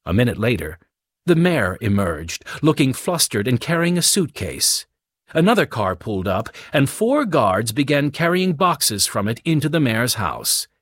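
Expressive male audiobook narrator. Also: medium pitch, normal speed, no room sound.

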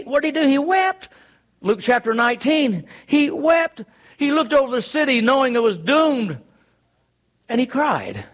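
A man preaching a sermon, earnest and emphatic, driving his points home with rhetorical questions. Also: extremely high pitch.

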